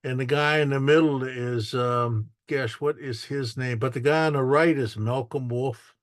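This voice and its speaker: A man's voice: mid-range voice, steady tone, normal speed, no echo. Man telling stories, dry sound. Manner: rambling, with restarts and acted-out quotes. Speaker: photographer giving an artist talk. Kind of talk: casual storytelling while showing photos.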